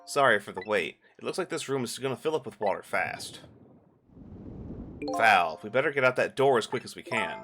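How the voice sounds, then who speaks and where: A man's voice: medium pitch, animated, moderate pace. A man streaming a puzzle game live, reading items aloud in an offhand way and swearing now and then. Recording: game music underneath.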